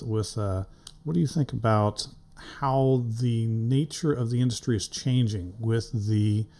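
A man hosting a relaxed interview, circling through long questions with frequent restarts. He laughs easily and keeps things light. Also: medium pitch. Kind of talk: casual interview chat.

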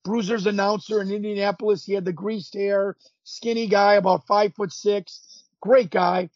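High husky guy in his 50s telling stories on a podcast, animated, dry dull lo-fi sound. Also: normal speed, no room sound. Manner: animated storyteller, acts out quotes, frequent restarts. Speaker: podcast guest, former pro wrestler. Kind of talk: casual storytelling interview.

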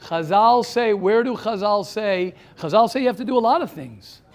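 A man's voice: high-pitched, expressive, normal speed. A man teaching a class, firing off rhetorical questions and repeating himself, growing heated as he presses his point. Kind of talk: classroom talk with students.

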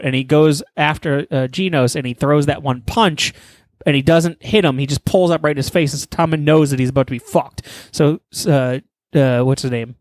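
A man's voice: mid-range voice, no room sound. A man animatedly retelling a story in casual chat, swearing often.

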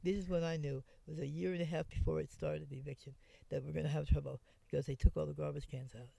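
Interviewee: woman, gravelly and mellow, rambling storyteller with restarts. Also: low-pitched, fairly even intonation, fast talker, no room sound. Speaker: interviewee, former homeless camp resident. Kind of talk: conversational storytelling.

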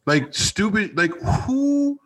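A man with a slightly raised pitch riffs sarcastically in a casual podcast call. He swears freely and acts out short imagined exchanges. His delivery stays loose and jokey throughout. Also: big pitch swings, takes it slowly, a bit bright. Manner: joking, sarcastic, swears, acts out little scenes. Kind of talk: casual chat.

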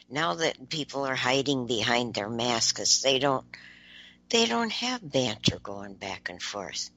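A co-host whose voice sits very low yet sounds bright and forward. She talks slowly and softly, with a wistful tone, in an easy conversational way. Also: sing-song, vocal fry, rough recording. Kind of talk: casual chat.

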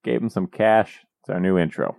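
A man co-hosting a podcast in casual comedic chat, teasing his partner with dry banter, in a small dark room. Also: low-pitched, moderate pace, creaky, dry recording. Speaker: podcast co-host.

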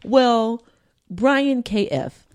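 A woman co-hosting a casual podcast, sassy and animated, laughing often as she reads a listener email. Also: a little high, extremely slow, no echo. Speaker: podcast co-host.

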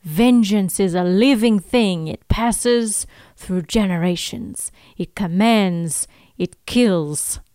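A woman voicing a brooding old male uncle sworn to vengeance, slow and hushed with a wandering put-on accent. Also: sits high, animated, no room sound, clean studio sound, pitched above the performer's own voice. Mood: ominous.

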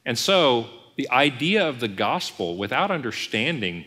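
This executive pastor speaks at a medium pitch and an unhurried pace, preaching a sermon in a church sanctuary. He teaches animatedly, performing imagined dialogues and voices, with long hall reverb on the audio.

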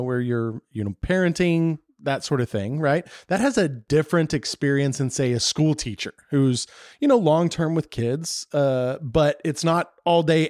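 In a fairly high but darkish voice, a man hosting a podcast interview keeps it casual, filling gaps with fillers while summarizing what's been said and posing questions. The studio sound is clean, with no echo.

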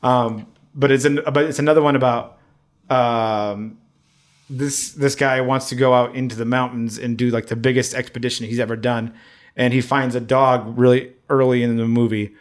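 A man in easygoing conversation with a medium-pitched voice. He rambles and hesitates, with frequent fillers and restarts, in a loose, unscripted chat. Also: flat delivery, moderate pace. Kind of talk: casual chat.

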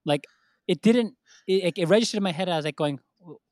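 Animated storytelling man, dry sound. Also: sits high, quick pace, no room sound. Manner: animated, acts out quotes in raised voices, swears freely. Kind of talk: casual storytelling chat.

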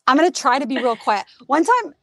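A woman's voice: high-pitched, very animated, brisk, a bit bright, no room sound. A woman co-hosting a podcast in casual chat, chatty, rambling and self-mocking. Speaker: podcast co-host.

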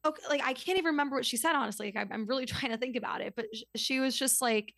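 A woman in her twenties telling a story as a podcast guest, in a casual, chatty way full of "like" and quick asides. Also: fairly high pitch, dry recording, clean studio sound. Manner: chatty, lots of "like", animated retelling.

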